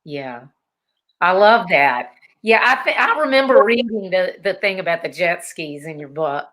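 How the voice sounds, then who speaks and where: A woman's voice: on the low side, expressive, moderate pace, fairly bright tone. Encouraging woman interview host. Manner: encouraging, frequent short agreements. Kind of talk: casual interview.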